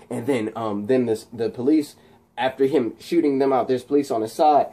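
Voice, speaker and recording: A man casually retelling a movie plot, rambling excitedly with many restarts. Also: mid-range voice, moderate pace. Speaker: channel host.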